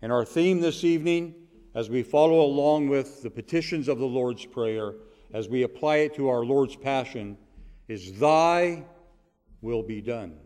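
A man preaching a sermon as pastor, measured and emphatic, leaning hard on repeated words. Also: mid-range voice, mellow, big-room sound. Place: church sanctuary.

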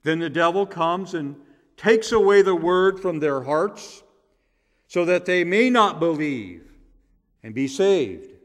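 A man preaching a sermon as pastor, measured and emphatic, leaning hard on repeated words. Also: a little high, expressive, in a large hall. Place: church sanctuary.

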